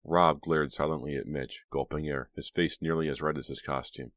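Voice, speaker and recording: A man narrating an audiobook in a steady, measured storytelling manner on a close mic. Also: extremely low pitch, no echo. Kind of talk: scripted narration.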